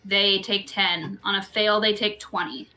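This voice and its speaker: A woman's voice: mid-range voice, steady tone, measured pace, music in the background. A woman playing in a tabletop game, friendly and a little tentative as she explains her moves. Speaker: player. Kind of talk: casual tabletop game chat.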